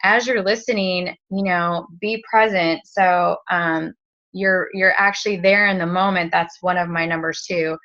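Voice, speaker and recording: Bright-toned woman giving a casual training talk. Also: fairly low pitch, steady tone, a little slow. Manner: rambling, lots of fillers and restarts. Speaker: direct-sales team leader. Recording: dull lo-fi recording.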